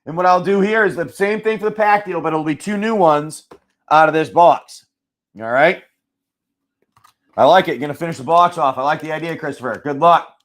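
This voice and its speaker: A man with a slightly high voice tells a rambling story as he hosts a live card-opening stream. He swears freely and acts out each side of the talk. He stays loud and casual the whole way through. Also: moderate pace. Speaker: live card-break seller. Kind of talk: casual chat while opening card packs.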